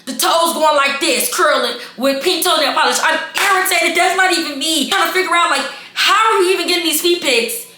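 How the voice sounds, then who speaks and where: A woman telling a storytime vlog to her viewers, animated and exasperated, calling them y'all. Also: very high-pitched, a little fast, few pauses. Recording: echoey room with faint background music.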